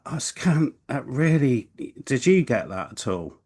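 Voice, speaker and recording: A man's voice: mid-range voice, big pitch swings, a little slow, a little mellow, husky. Man telling a rambling anecdote. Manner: rambling storyteller, hesitant restarts. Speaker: podcast co-host. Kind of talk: casual chat, anecdote.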